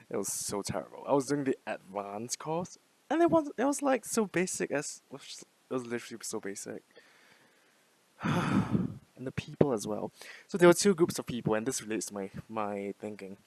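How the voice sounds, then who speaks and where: This language-learning vlogger is a young man in his twenties with a voice on the low side, expressive and at a moderate pace, with no echo. He rambles through an unscripted casual monologue full of fillers, casual swearing, and frequent laughs.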